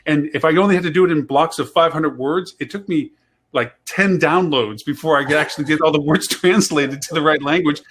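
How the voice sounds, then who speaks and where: A man's voice: a little high, brisk, fairly bright tone. A man hosting a live online show, chatting in a rambling, talkative way and laughing often. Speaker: host. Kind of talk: casual live-show chat.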